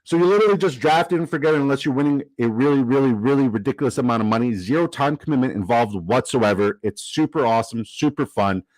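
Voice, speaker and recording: A man hosting a live stream, upbeat and chatty, swearing casually and giving shout-outs. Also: medium pitch, quick pace, hardly any pauses, no room sound, poor audio. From Canada. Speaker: livestream host. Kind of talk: casual livestream commentary.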